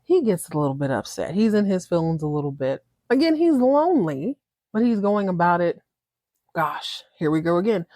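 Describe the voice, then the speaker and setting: A woman host chatting casually through a TV episode recap, slangy and animated. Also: lowish voice, normal speed, no echo, studio quality. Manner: chatty, slangy, acts out characters. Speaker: podcast host.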